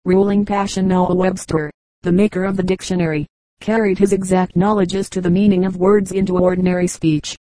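Casting: measured woman audiobook reader, warm dark tone, dry close mic. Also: on the low side, little pitch movement, no room sound, low-quality recording. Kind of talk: scripted narration of anecdotes.

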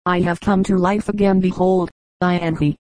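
A fierce fanatic priest, boasting grandly of his magic and his claim to a throne, as a woman reader gives him voice. His voice is low and even, with a dry, close tone. He speaks in a storybook reading. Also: normal speed, no echo, natural voice, rough recording. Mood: boastful.

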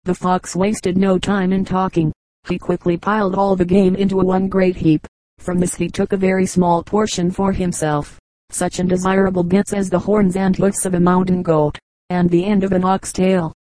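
Female audiobook narrator, measured, mellow and dry. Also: fairly low pitch, no room sound, rough recording. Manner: measured, steady reading. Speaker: audiobook reader. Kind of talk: scripted storybook narration.

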